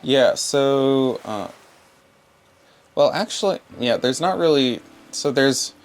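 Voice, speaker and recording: A man running a tabletop game as game master, narrating in an unhurried, laid-back way with fillers. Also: medium pitch, animated.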